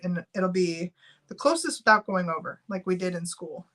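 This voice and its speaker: A woman's voice: fairly low pitch, normal speed, a bit bright. A middle-aged woman chatting casually on a live stream, giggling often and reading out viewer names while she runs a giveaway.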